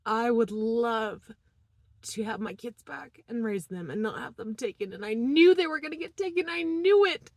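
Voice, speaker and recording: A distressed woman vlogger talking through a personal monologue in a halting, emotional way, moving between quiet murmurs and shaky laughter. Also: high-pitched, no echo.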